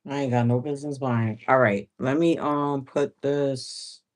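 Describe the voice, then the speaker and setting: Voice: mid-range voice, steady tone, measured pace. A sewing livestream host chatting casually while working, laughing often and repeating phrases.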